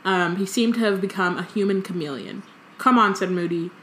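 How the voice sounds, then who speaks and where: A woman's voice: mid-range voice, a little fast, a bit bright. A woman co-hosting a podcast, reading a novel aloud and breaking off to comment and laugh. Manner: reads dialogue aloud with light voices, laughs often. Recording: echoey room with faint noise.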